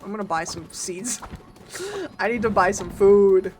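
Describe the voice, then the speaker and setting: A woman streamer giving casual, chatty gameplay commentary, reacting loudly and talking to her chat and her game's followers. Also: medium pitch, very animated, unhurried.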